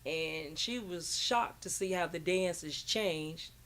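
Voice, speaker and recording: A woman's voice: fairly low pitch, fairly bright tone. A woman co-hosting a casual recap chat, chatty and agreeable, from Chicago. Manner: chatty, agreeable, quick to laugh. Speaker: co-host.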